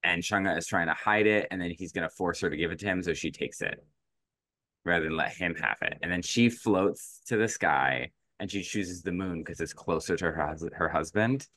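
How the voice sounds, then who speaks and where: Deep-voiced man chatting on a podcast. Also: moderate pace, bright, forceful tone, no echo. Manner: rambling, many fillers and restarts. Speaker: podcast co-host. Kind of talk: casual chat.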